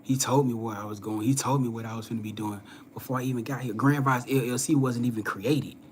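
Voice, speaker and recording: A young man tells a story to his viewers in a relaxed, conversational way, acting out the voices of the people in it. His voice sits at a middle pitch and moves between loud, lively moments and low, hushed ones. Faint noise sits under the recording. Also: quick pace. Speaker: spiritual reader and host. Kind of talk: casual storytelling to a live audience.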